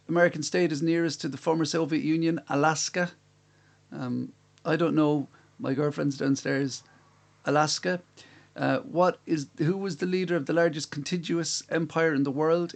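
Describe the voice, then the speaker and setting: A man's voice: fairly high pitch, steady tone, moderate pace, gravelly. A man hosting a live-streamed quiz from home, reading out questions and answers with chatty, self-mocking asides. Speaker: quiz host. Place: room at home.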